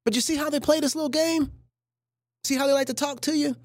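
A woman's voice: high-pitched, fairly even intonation, fast talker, a little mellow, dry recording, studio quality. A woman hosting a livestream, giving casual reaction commentary with joking, preachy asides. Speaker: livestream host.

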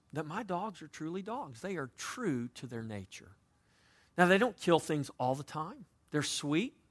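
A man preaching a sermon as pastor, with dynamic delivery that moves between loud emphasis and quiet, conversational asides. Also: a little high. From United States.

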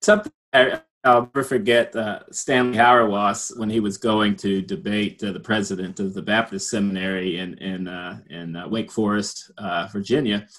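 A man's voice: on the low side, steady tone, normal speed, hardly any pauses, fairly bright tone, poor audio. A man in a casual discussion, thinking aloud with frequent restarts and a reflective manner. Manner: hesitant, many restarts, reflective.

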